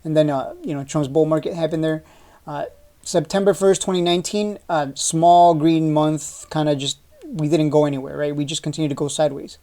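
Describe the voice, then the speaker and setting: A man's voice: fairly high pitch, steady tone, brisk, mellow. A man hosting a stock market video, walking through a chart in a casual, urgent way, repeating his points and asking rhetorical questions, with frequent "uh" restarts. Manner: loose, chatty with frequent "uh" restarts.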